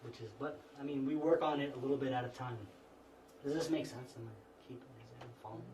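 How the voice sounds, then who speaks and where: A man's voice: medium pitch, fast talker, creaky. A man giving an informal spiritual lecture to a small group, talking conversationally with frequent restarts. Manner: relaxed, conversational, frequent restarts and "you know". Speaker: class instructor. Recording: echoey room, mic far off, faint noise.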